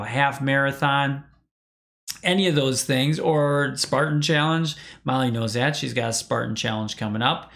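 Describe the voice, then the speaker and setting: A man's voice: mid-range voice, creaky, fairly bright tone. A man hosting a live show, talking casually and rambling with frequent restarts, speaking straight to his viewers. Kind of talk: casual live-stream talk.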